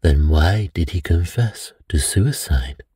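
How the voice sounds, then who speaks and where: A man's voice: low voice, lively intonation, slow pace, warm tone, breathy edge, no echo, clean studio sound, exaggerated voice. A man voicing an impatient, blunt male friend and investigator who sounds exasperated, read for an audiobook. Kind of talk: audiobook character reading.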